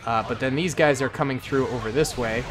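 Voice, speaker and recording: A man giving casual, excitable, slangy commentary while playing a strategy game, talking to himself and his viewers. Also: medium pitch, brisk, over music. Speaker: gaming commentator. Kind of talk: casual let's-play commentary.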